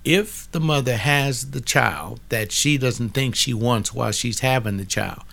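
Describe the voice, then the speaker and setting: A man's voice: mid-range voice, a little slow, vocal fry, fairly bright tone. An older man, casually commenting on a book in a blunt, preachy way, often arguing with an imagined listener.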